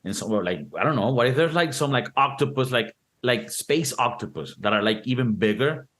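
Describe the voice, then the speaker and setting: A young man on a podcast, casually reviewing a movie and explaining it in an animated, profane way, acting out quotes. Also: mid-range voice, a little fast. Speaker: podcast co-host.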